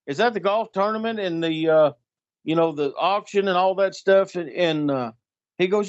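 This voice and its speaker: Heard through dull lo-fi audio, a middle-aged guest storyteller relates an anecdote in casual talk at a moderate pace. His voice sits high, and he animatedly acts out the voices of the story's people.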